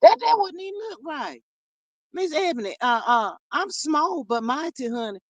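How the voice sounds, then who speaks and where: Someone playing sassy Miss Marlene, high and lively. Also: normal speed, dry recording, poor audio. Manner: sassy, calls everyone honey and child; dramatic, playfully threatening. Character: sassy gossiping woman persona, Miss Marlene, quick to clap back. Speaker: livestream host reading viewer comments. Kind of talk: live chat.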